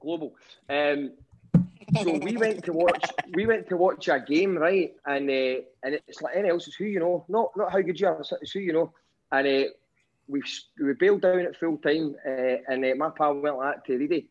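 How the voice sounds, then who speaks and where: Calling in on a dull, low-fidelity line, a man from Glasgow in Scotland tells an easygoing story, ribbing himself wryly and swearing quite a bit. His voice sits a little high and moves at normal speed.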